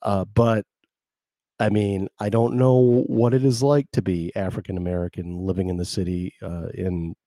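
A middle-aged man from rural talks through his own show in a loose, self-reflective ramble, pausing and restarting often. His voice sits low and mellow with a relaxed warmth. The sound is dry and close, with no room around it. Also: no room sound. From rural Maine. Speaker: podcast host. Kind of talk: casual solo monologue.

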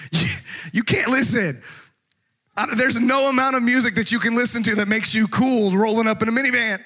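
A pastor gives a storytelling sermon, animatedly telling a comic story and acting out its voices. His voice is very high, at a moderate pace.

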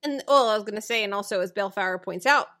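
A woman co-hosting a casual podcast, explaining plot points in quick bursts and quoting the characters. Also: mid-range voice, pushed and bright. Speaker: podcast co-host. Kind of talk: casual recap chat about a TV show.

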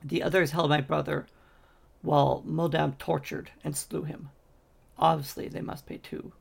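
A man's voice: on the high side, level tone, normal speed, creaky, husky, exaggerated voice. A man voicing a scheming male magician who speaks in a clipped, cold, commanding way. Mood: cool.

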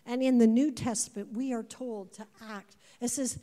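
A woman in her fifties preaching a sermon to a congregation, animated, repeating words and putting questions to the room. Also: fairly high pitch, normal speed. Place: church before a congregation. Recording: long hall reverb.

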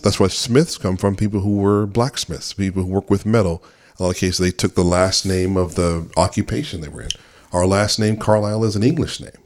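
A man with a fairly low voice hosts a relaxed family talk. He tells stories at length and acts out the people he quotes. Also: a little fast. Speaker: host. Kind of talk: family conversation, storytelling.

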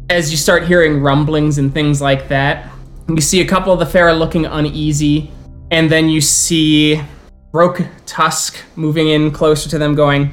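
A man runs a tabletop role-playing game as storyteller, narrating the scene and speaking for its characters. He talks with frequent halting restarts. Faint music sits behind him. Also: a little high, level tone, fairly bright tone. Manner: plays many characters in quick turns, with halting restarts.

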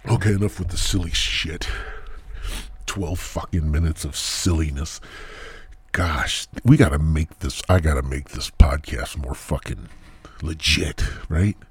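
A man's voice: extremely low pitch, measured pace, slightly rough. A man hosting a podcast alone, talking in a profane, rambling comedic monologue that drifts into mumbled asides. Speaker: podcast host. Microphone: new headset mic.

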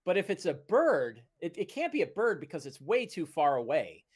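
A man narrating a tabletop game as game master, relaxed and descriptive, with many fillers. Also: on the high side, moderate pace, breathy edge, no room sound.

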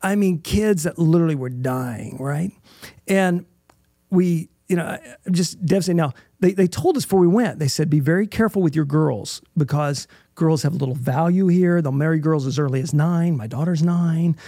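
A man's voice: fairly high pitch, moderate pace, dark tone, no echo, clean studio sound. A middle-aged man, a guest in an interview, telling an emotional personal story in an earnest way and often checking in with "right?".

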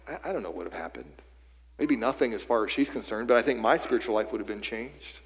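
A man's voice: lowish voice, expressive, fast talker, big-room sound, poor audio. A man preaching a sermon from western Pennsylvania, telling a personal story in a conversational way and often repeating his words as he goes. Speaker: pastor.

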